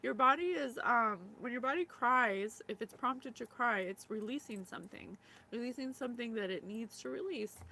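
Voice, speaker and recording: Psychic lady from ex-yugoslavia, higher voice, gets teary and laughy, um a lot, faint hiss behind. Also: normal speed, vocal fry, pushed and bright, poor audio. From former Yugoslavia. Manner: emotional, laughs and tears up, many fillers. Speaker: psychic reading host. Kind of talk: casual spiritual reading talk.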